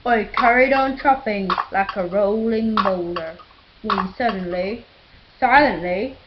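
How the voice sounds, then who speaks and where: A woman's voice: mid-range voice, takes it slowly, highs cut off, noisy background, natural voice. A woman narrating a rhyming storybook in the voice of a boastful man who chops down trees. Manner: boastful, sing-song rhyming. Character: boastful male tree-chopping builder, narrating.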